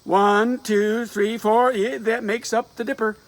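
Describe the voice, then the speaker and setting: A man's voice: high voice, flat delivery, measured pace, voice pushed up. A man voicing a bold, restless nineteen-year-old who teases and reassures his sweetheart, in a dramatic reading of a play with rural dialect. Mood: defiant, wistful. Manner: teasing, confident, rural dialect.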